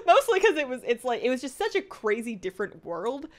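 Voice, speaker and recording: A woman's voice: high-pitched, big pitch swings, moderate pace. Young woman streamer, casual at-home chat, rambling and self-deprecating, lots of ums and restarts. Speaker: livestream host. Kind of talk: casual chat reading viewer comments. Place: home apartment.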